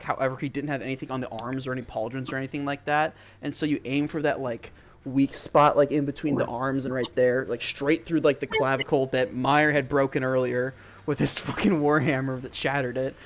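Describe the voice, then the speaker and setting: A man's voice: medium pitch, highs cut off. A man narrating a tabletop game as game master, loose and profane, laughing often. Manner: laughing, profane, loose storytelling with many fillers.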